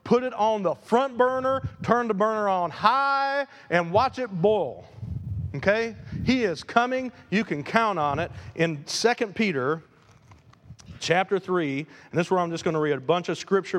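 A man preaching a sermon as pastor, animated, swinging between loud emphasis and quiet asides. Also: sits high, measured pace. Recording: long hall reverb.

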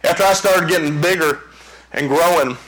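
A man delivers a sermon inside a church, talking to his congregation like old friends and checking in with them every few sentences. His voice sits a little high and rings bright and forward, lively and plainspoken rather than formal. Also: normal speed, low-quality recording. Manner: animated, conversational preaching with frequent call-outs to the congregation. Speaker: pastor.

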